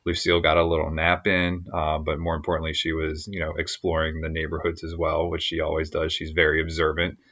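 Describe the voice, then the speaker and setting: A man with a very low voice co-hosts a podcast in relaxed, easygoing chat. The sound is a little dull and lo-fi. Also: brisk, hardly any pauses. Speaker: podcast co-host. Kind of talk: casual chat.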